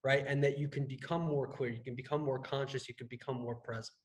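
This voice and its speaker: A man's voice: mid-range voice, flat delivery, fast talker, rough recording. A man who is a fitness and health coach, talking casually on a business podcast, rambling with many restarts and tagging his points with "right?". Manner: rambling, restarts a lot, tags sentences with "right?".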